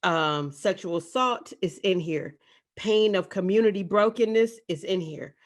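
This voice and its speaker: A woman's voice: medium pitch, a little slow. A woman, a spoken word poet, leading an online event. She talks to her audience in an emphatic, rhythmic way and repeats phrases for effect. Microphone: video call.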